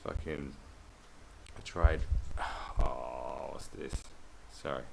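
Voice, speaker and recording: A man's voice: rumbling low, steady tone, extremely slow, gravelly, background noise. A man hosting a podcast, telling rambling, sweary stories in a casual monologue.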